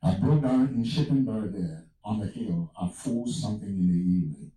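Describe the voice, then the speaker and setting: A man's voice: fairly low pitch, moderate pace, mellow, heavy reverb, far from the mic, rough recording. A man from Africa telling a personal testimony as a sermon, mixing storytelling with exclamations of praise. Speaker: preacher.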